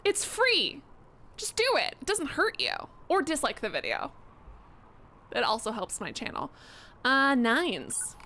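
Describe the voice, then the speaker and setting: A woman's voice: a little high, big pitch swings, a little slow, pushed and bright, a little hiss or hum. A young woman live-streaming a game, reacting casually with jokes, swearing and playful baby talk.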